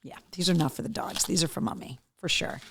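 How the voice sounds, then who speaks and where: A woman's voice: fairly low pitch, brisk, vocal fry, a little hiss or hum. A woman hosting a live talk show, chatting casually while opening gifts and cooing at a dog. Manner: animated, coos and baby-talks to a dog.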